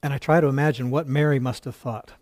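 A man's voice: mid-range voice, steady tone, fast, darkish tone. A male pastor preaching a sermon, retelling a story earnestly with quoted dialogue and occasional stumbles.

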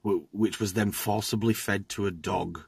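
A man chatting casually, telling things in a slow, playful way. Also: fairly low pitch, steady tone, gravelly, slightly rough, no echo. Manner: slow, playful storytelling with comic voices. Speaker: community member. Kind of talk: casual chat.

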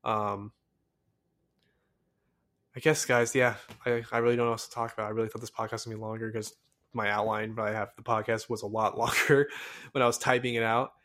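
A young man from the United States hosting a solo podcast, rambling excitedly with many fillers and restarts in a casual monologue. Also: on the low side, a little fast, pauses often. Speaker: podcast host.

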